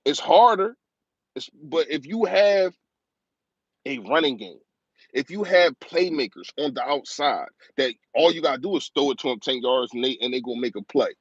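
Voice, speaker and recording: A man's voice: a little high, husky, no room sound, lo-fi sound. A man hosting a live-stream sports show. He talks in a passionate, rambling rant, repeating his points for emphasis and speaking emotionally about his team. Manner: passionate, rapid, ranting fan talk with emphatic repetition. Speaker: live-stream football talk host.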